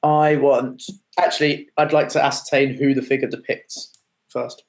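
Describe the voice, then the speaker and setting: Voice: mid-range voice, little pitch movement, moderate pace. A player in a tabletop game, chatting casually with a giggly, easygoing manner.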